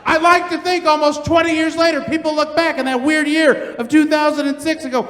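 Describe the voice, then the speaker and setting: A man in his thirties doing stand-up on a big theater stage, telling stories animatedly and shouting his punchlines. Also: very high voice, flat delivery, fairly quick, hardly any pauses. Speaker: stand-up comedian. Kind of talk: stand-up set. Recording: echoey theater with long reverb. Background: audience laughter.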